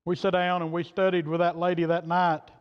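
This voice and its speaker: A preacher man with a fairly high voice, telling a folksy story from the pulpit in plain words. His voice rings through a church hall with a long echo, and the sound is dull and muffled. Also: completely flat delivery, fairly quick, smooth. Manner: folksy, plain-spoken, quoting others in turn. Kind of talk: sermon storytelling. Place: church sanctuary.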